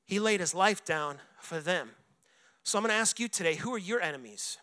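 Bright-voiced pastor giving an earnest sermon. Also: male voice, high voice, expressive, brisk. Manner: earnest personal testimony, reenacts his own anguished shouting prayers. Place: church sanctuary.

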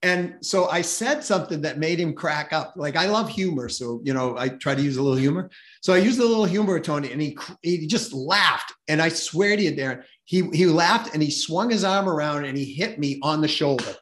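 A middle-aged man speaks in a somewhat high voice as an energetic podcast guest. He tells anecdotes with animated pacing, slips into the voices of the people in his stories, and chuckles along the way. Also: brisk. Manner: lively, acts out quoted voices, chuckles while telling. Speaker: podcast guest, sales expert. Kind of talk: animated conversational storytelling.

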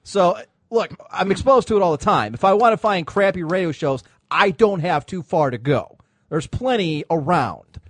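Animated man hosting a casual podcast. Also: high-pitched, moderate pace, no room sound. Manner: loose, joking, animated banter. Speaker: podcast host. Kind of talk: casual chat.

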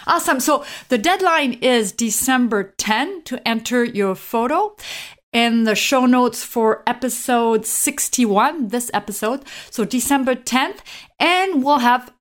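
A woman's voice: a little high, expressive, unhurried. A woman hosting a podcast, chatting casually and often chiming in with agreement. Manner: friendly, with frequent affirming "yeah"s and light laughs. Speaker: podcast host.

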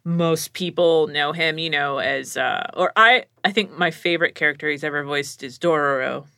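A woman voice actor in casual chat, talking quickly and acting out the people she quotes. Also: deep voice, vocal fry, no room sound, clean studio sound. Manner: chatty, animated, acts out quoted voices.

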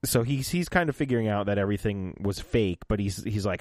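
A man co-hosting a casual podcast, recapping a show with lively asides and goofy voices for the characters. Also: fairly low pitch, a little fast, few pauses, no echo, studio quality. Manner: animated, slips into goofy voices when retelling scenes. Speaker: podcast co-host. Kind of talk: casual chat recapping an episode.

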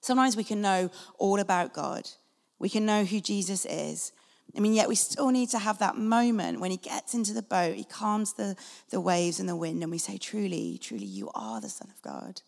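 A woman with a gravelly, medium-pitched voice preaches a sermon at a moderate pace, earnest and conversational, acting out short quotes as she goes. She's recorded in a church hall, and the large space gives a long reverb.

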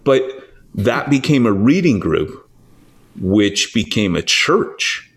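A man, a church planting author, explaining scripture and his own story in a conversational teaching style, animated and full of restarts. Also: on the low side, normal speed. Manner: animated storyteller, acts out quoted voices, frequent restarts.

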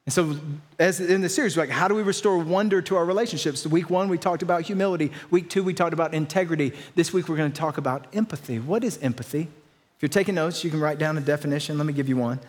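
A male pastor delivering a sermon in an easygoing, conversational style. His voice sits a little high for a man, and he drops casual slang asides into his preaching. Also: quick pace.

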